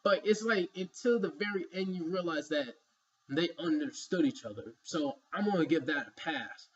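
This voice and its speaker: Man, fairly high voice, husky, rambling emphatic vlog commentary, lo-fi recording. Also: animated, moderate pace. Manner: rambling, emphatic, many "you know" fillers. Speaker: vlogger. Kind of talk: opinion commentary.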